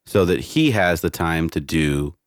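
A man's voice: very deep voice, animated, a little slow, no room sound, clean studio sound. A man co-hosting a podcast in casual chat, often backing up his partner with short affirmations. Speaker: podcast co-host.

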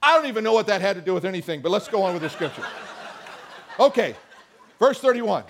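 A man's voice: high voice, big pitch swings, fast, fairly bright tone, slight background noise. A man preaching a sermon, reading scripture and mixing in conversational asides and questions to the congregation. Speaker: pastor.

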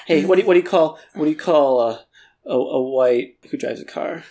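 A man's voice: a little high, brisk, mellow. A man talks in a casual podcast chat. He keeps the conversation going with teasing remarks and puns. He often asks playful questions. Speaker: podcast co-host.

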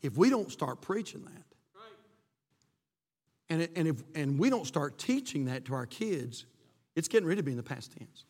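A man's voice: fairly high pitch, very animated, moderate pace, pauses often, a little mellow, long reverb tail. A male pastor preaching a sermon to his congregation, reading scripture aloud and building to passionate peaks. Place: church sanctuary.

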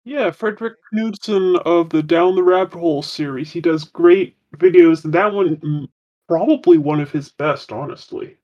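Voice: medium pitch, normal speed, highs cut off. A podcast co-host chatting casually about an episode, dropping dry, wry quips. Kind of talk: casual recap chat.

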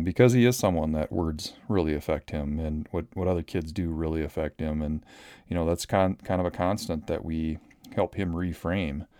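A man in his thirties from Minnesota hosts his own podcast, his deep, smooth voice recorded close and dry. He talks off the cuff, rambling and circling back with plenty of ums and restarts. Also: mellow, no echo. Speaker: podcast host. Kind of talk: casual solo podcast talk.

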